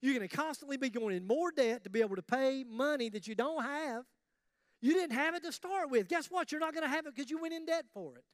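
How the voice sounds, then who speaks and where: A man preaching a sermon as pastor, animated and conversational, with jokes about himself. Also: very high voice, brisk, no room sound, clean studio sound.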